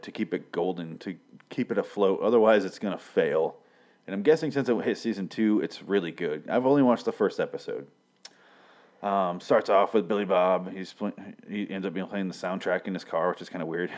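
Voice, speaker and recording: A man's voice: low-pitched, a little mellow. A man from Michigan reviewing a TV show in a casual, rambling way, swearing often and correcting himself. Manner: profane, filler-heavy, self-correcting.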